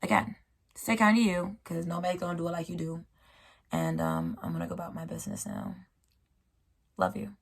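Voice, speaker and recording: A woman's voice: lowish voice, big pitch swings, brisk, creaky, long pauses, husky. A woman hosting a casual solo chat about spirituality, rambling and playful, with slangy, encouraging talk to her listeners. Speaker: host.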